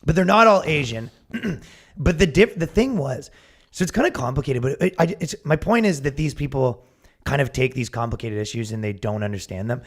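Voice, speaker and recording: A man's voice: mid-range voice, animated, fairly quick. A man co-hosting a comedy podcast, chatting casually, rambling with restarts, swearing and acting out quotes. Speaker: podcast co-host.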